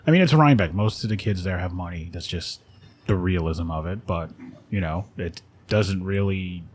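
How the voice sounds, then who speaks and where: A man, an actor and voiceover artist, chatting as a guest in a radio studio in a relaxed, rambling way and laughing often. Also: low-pitched, normal speed, a little hiss or hum. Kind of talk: casual conversation.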